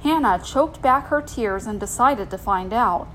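A woman reading a children's storybook aloud in an expressive, gentle way. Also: fairly high pitch, a little slow, slight background noise, low-quality recording.

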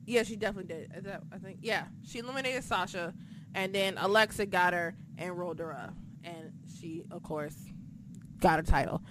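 A woman hosting a podcast, recapping in casual chat, excitable and profane, swinging between shouting and muttering. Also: fairly low pitch, fairly quick, background noise. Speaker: podcast host.

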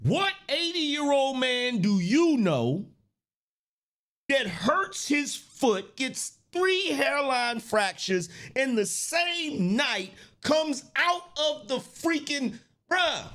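A man's voice: very high voice, sing-song, extremely slow, fairly bright tone. A man hosting a podcast, giving casual political commentary in a mocking way, repeating his lines and laughing often. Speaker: podcast host.

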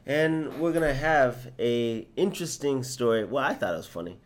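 A man co-hosting a casual podcast, telling the story in an upbeat, animated way. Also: mid-range voice, moderate pace. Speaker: podcast co-host.

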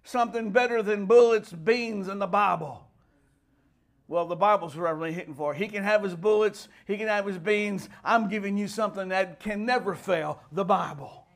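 Male pastor, high voice, fervent sermon delivery with loud shouted peaks. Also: normal speed. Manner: fervent preaching, rising to shouts.

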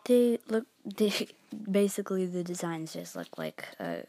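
A young female vlogger with a lowish, dark-toned voice reviews manga at a measured pace, her pitch swinging hugely. She rambles casually with lots of fillers and giggles; the recording is dry, with guitar music behind her voice.

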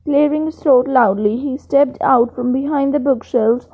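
A woman reading a novel aloud in plain, steady narration with occasional slips. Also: high-pitched, normal speed, husky. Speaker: reader. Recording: tinny phone-like sound.

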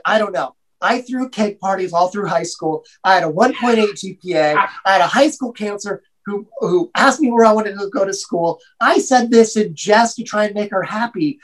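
Man telling a lively story. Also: high voice, rough recording. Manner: animated, acts out quoted voices. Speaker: guest. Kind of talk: casual storytelling.

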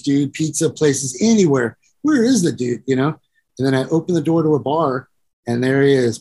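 A man's voice: mid-range voice, a little mellow, husky. A middle-aged man, a musician and producer, telling long profane stories and acting out the people in them. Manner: rambling and profane, acts out voices, keeps saying "you know". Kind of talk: casual storytelling interview.

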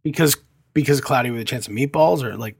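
A man's voice: mid-range voice, quick pace, creaky, slightly rough, dry recording, clean studio sound. A man co-hosting a podcast in casual chat, earnest and hesitant, often repeating himself. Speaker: podcast co-host.

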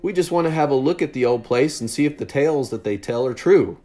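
A man voicing a loud, swaggering drunk teenage boy who slurs and shouts. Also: mid-range voice, expressive, quick pace, voice pushed up, natural voice.

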